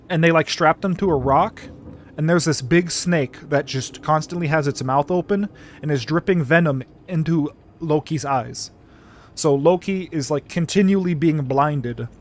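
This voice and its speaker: Young guy rambling thru a story on stream, swears a lot, voice a bit high. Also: slight background noise. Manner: rambling storyteller, swears freely, self-correcting. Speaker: gaming streamer. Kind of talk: casual livestream commentary.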